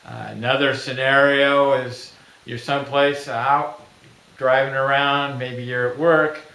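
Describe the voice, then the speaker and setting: A middle-aged man pitching his own invention in a plain, folksy way, acting out little everyday scenes. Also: level tone, unhurried, sharp tone. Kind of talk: product pitch video. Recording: echoey room.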